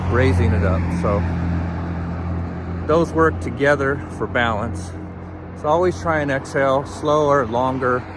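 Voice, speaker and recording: Man, medium pitch, upbeat motivational vlogger talking on a trail walk, busy road audible behind. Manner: upbeat, motivational, talks while walking and jogging. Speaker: fitness and mindset vlogger. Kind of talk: motivational walking vlog. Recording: clear traffic noise outdoors. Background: traffic noise.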